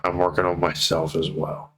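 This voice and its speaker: A man with a very deep, low voice talks straight to his viewers in a personal vlog. He sounds tearful and heartfelt, swearing freely as he slows down to press each plea home. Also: monotone, fairly bright tone, a little hiss or hum, low-quality recording. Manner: heartfelt, swears freely, slow pleading emphasis. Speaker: vlogger.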